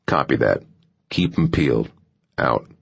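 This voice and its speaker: A man doing a gravelly Southern gunman on the radio. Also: a bass voice, expressive, unhurried, highs cut off, voice pushed down, full character voice. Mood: curt. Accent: Southern American. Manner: terse radio talk.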